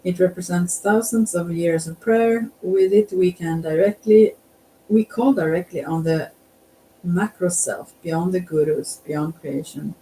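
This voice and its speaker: Mantra teacher, slow and unhurried, self-correcting, recorded from a distance with faint hiss. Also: medium pitch. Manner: hesitant, self-correcting, laughs softly, tries out chants. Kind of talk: soft-spoken spiritual instruction.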